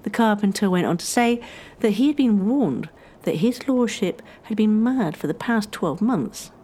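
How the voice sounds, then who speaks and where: A woman narrating a historical story in a measured, scripted storytelling style. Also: mid-range voice, expressive, mellow.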